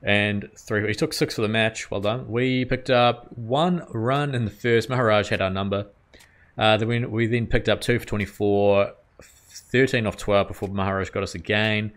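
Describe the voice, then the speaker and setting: A man giving casual, excitable commentary over his own video game play, reacting loudly and swearing at the game. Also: fairly low pitch, normal speed. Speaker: gaming channel host.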